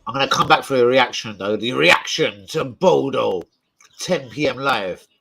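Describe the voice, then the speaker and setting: Excitable man hosting a watch-along. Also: mid-range voice, moderate pace, gravelly, low-quality recording. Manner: excitable, swearing, shouting out viewers. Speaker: football fan channel host. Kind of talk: live football watch-along chat.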